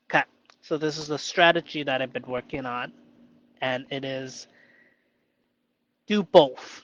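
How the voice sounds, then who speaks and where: Halting, self-questioning man, slow and lo-fi. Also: medium pitch, steady tone, fairly bright tone. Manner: playfully argues with himself in a mock inner voice. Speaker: vlogger reflecting on improv. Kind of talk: solo reflective monologue.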